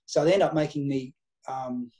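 Warm and mid-range, this middle-aged man's voice moves at a moderate pace and carries an Australian accent. As a podcast guest who researches and coaches nutrition, he tells stories conversationally, recounting old exchanges word for word in a relaxed interview.

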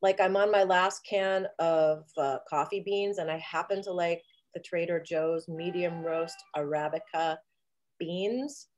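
Woman guest, lowish voice, rambling and theatrical, playing it for laughs on a video call. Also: steady tone, measured pace, darkish tone, slight background noise. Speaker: interview guest. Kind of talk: casual video chat.

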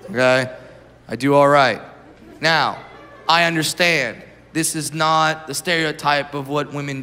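A man doing a live stand-up set, brash and raunchy, shouting his punchlines to the audience. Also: a little high. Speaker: stand-up comedian. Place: stage in a large venue before a live audience. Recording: reverberant live venue with loud crowd noise.

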